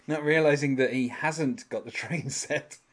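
A man's voice: a little high, a little slow, fairly bright tone, slightly rough. A man hosting a casual podcast, rambling through an episode recap with many fillers and frequent chuckles. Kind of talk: casual chat.

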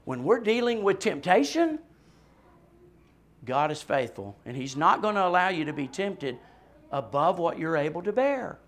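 A man's voice: on the high side, very animated, normal speed, fairly bright tone. A male pastor preaching a sermon with passion and emphasis, often adding a questioning "right?" and laughing lightly between points.

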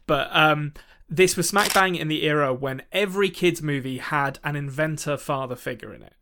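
A man's voice: fairly high pitch, normal speed, bright, forceful tone. A man in his thirties co-hosting a movie podcast, chatting animatedly and laughing as he talks. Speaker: podcast co-host. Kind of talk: casual chat.

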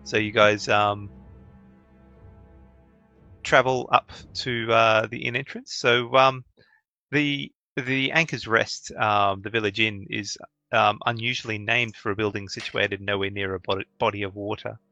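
A man narrating a tabletop role-playing game as game master, halting often with ums and uhs. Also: on the low side, no echo, faint music behind. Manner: relaxed, halting narration with many fillers.

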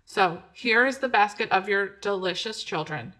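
A woman's voice: mid-range voice, normal speed, bright, forceful tone. A woman playing an oblivious home cook who forages mushrooms, talking breezily and then getting flustered.

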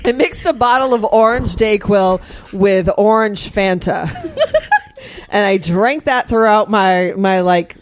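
A woman's voice: medium pitch, slow pace, a little hiss or hum. A woman co-hosting a podcast in casual chat, playful and giggling often. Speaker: podcast co-host.

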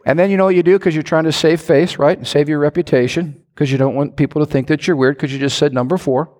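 A middle-aged man with a somewhat high voice preaches a sermon as a pastor. He tells stories with an animated delivery, his pitch swinging up and down, and often asks his congregation questions. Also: fast.

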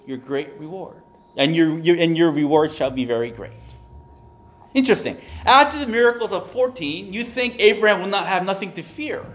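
A man, a pastor, preaching a conversational sermon, animated and repeating phrases for emphasis. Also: high-pitched.

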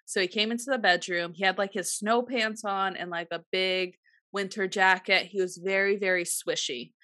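A woman co-hosting a podcast, chatting casually and telling an animated story with acted-out quotes. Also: medium pitch, normal speed, no echo, studio quality. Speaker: podcast co-host. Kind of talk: casual chat.

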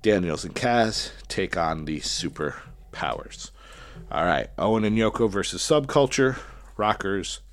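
A man casually talking through his picks for a wrestling tournament, chatty and thinking aloud as he goes. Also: on the low side. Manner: chatty, thinking aloud while picking winners. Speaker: wrestling podcast host. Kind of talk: casual solo commentary.

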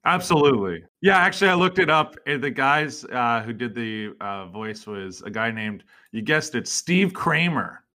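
Young male podcast co-host, bright voice, animated delivery with big pitch jumps on impressions. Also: normal speed, few pauses. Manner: animated, jumps high in pitch when mimicking people. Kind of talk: casual chat.

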